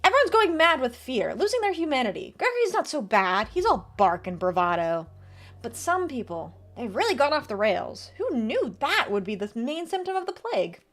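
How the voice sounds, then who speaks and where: A woman's voice: high voice, big pitch swings, normal speed, a bit bright, exaggerated voice. A woman doing a stern militia officer.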